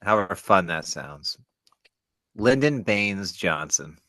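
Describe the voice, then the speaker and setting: A man's voice: sits low, expressive, takes it slowly, sharp tone, dry recording. A man as a guest on a casual podcast, talking in a hesitant, dry way. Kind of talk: casual chat.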